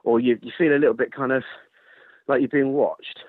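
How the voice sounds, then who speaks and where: A man telling a running story in casual chat, animated, swearing and laughing as he goes. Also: medium pitch, fairly quick, no room sound. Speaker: ultrarunner guest. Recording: tinny phone-line sound, dry.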